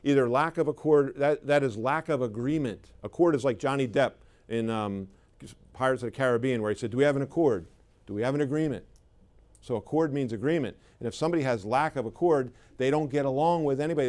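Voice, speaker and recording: A man's voice: mid-range voice, quick pace, a little mellow. A middle-aged man giving a live sales training seminar, talking in a conversational, emphatic way and putting questions to the audience. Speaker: sales trainer for clinic owners.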